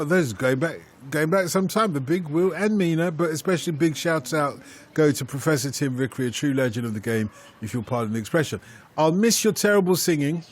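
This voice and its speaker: A man with a fairly high-pitched voice hosts a radio football phone-in, reading listener emails aloud and coaxing his pundits with teasing banter.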